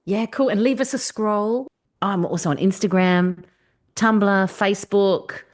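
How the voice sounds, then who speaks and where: Speaking at a measured pace with a medium pitch, an Australian woman co-hosting a podcast keeps things easygoing and cheeky. She laughs and swears freely throughout the casual chat.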